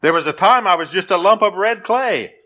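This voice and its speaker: A man's voice: high voice, animated, fairly quick, pushed and bright. A man voicing a suffering talking teacup in a spoken parable, with plaintive rising cries.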